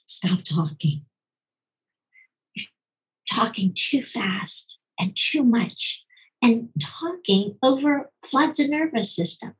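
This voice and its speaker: Answering an interviewer's questions, a middle-aged woman who is a physician and parenting author speaks rapidly in bursts, then slows to underline points. She frequently imitates quoted voices with wide pitch leaps, and the recording is rough.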